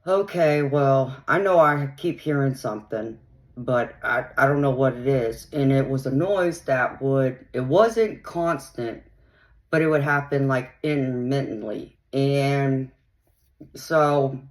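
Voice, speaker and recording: A woman's voice: very deep voice, takes it slowly. A woman hosting her own channel, casually telling a personal story in a rambling way, filled with "um" and "you know". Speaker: channel host.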